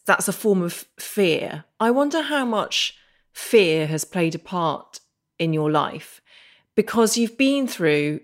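A woman hosting an interview, asking long, earnest questions. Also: mid-range voice. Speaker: podcast host.

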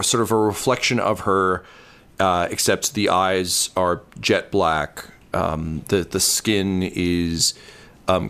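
A man runs a tabletop game as its game master, his voice very low and smooth. He narrates a dreamlike scene slowly, pausing often with ums and uhs. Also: fairly bright tone. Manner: halting, many ums and uhs.

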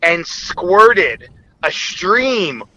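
Bright-voiced man telling an explicit story. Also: big pitch swings, very slow, rough recording. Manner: rambling, explicit, quotes others in a lowered voice. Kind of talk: casual storytelling.

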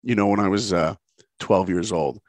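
Brief: middle-aged male guest, a dry close sound, punchy and animated, acts out every line. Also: sits low, moderate pace, no echo. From New York. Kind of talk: motivational storytelling.

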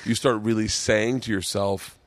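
A man's voice: fairly low pitch, normal speed, no room sound. A middle-aged man hosting a podcast in casual chat, telling stories with lots of laughter, swearing freely and acting out what other people said. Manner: animated storytelling, acts out quotes, laughs often, swears freely. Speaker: podcast host, comedian.

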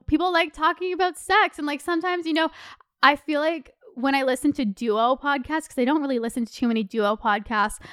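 A young woman in her twenties with a high, smooth, clear voice, hosting her own podcast in loose, chatty talk. She gets heated and passionate, fills her sentences with "like" and swears casually. The sound is close and dry, with no room echo. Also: a bit bright. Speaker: podcast host. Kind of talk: casual solo podcast chat.

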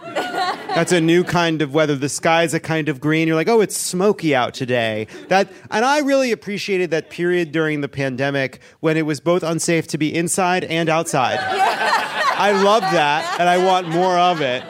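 Animated male podcast host. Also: a little high, normal speed, a crowd in the background. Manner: animated, mock-outraged, laughing. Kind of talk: comedic live podcast hosting. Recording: live show with audience and noise.

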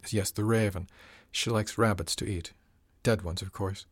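A man voicing a weak, feverish old woman who talks in short, halting phrases in an audiobook. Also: on the low side, fairly even intonation, no room sound, studio quality, natural voice. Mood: weak, wry. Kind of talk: audiobook character reading.

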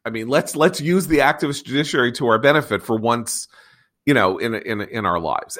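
Bright, heated middle-aged male host. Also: medium pitch, animated, a little fast. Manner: heated, ranting, blunt. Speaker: podcast host. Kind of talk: casual debate chat.

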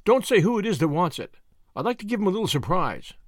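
A man's voice: sits high, sing-song, fast talker, dry recording, clean studio sound, voice pushed up. A man voicing a brash, generous young American with an American accent and breezy, confident slang. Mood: recounting.

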